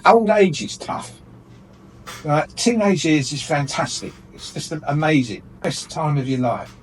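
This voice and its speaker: A man's voice: a little high, lively intonation, unhurried. Indignant guy ranting on talk radio, mic a little far off, faint hiss. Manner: indignant, ranting, laughs often. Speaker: radio show regular airing his gripes. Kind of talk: light-hearted radio chat.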